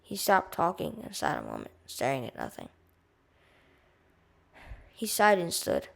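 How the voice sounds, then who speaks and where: A woman's voice: lowish voice, huge pitch swings, a little slow, gravelly, pauses often. A woman reading a children's novel aloud for homeschoolers, stumbling and restarting words and stopping to explain terms. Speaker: audiobook reader. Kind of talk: casual read-aloud for homeschool.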